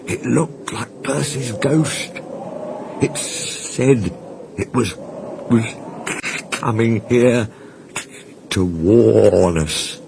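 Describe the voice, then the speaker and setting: A man voicing a timid old male tram engine who speaks in a shaky, halting voice. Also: fairly high pitch, a little hiss or hum, voice pushed up. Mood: nervous.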